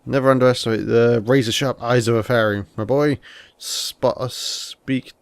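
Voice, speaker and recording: A man's voice: medium pitch, fairly even intonation, normal speed, vocal fry, smooth, no room sound, close to an everyday voice. A man doing a cocky slangy fairy sidekick. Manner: boastful, colloquial.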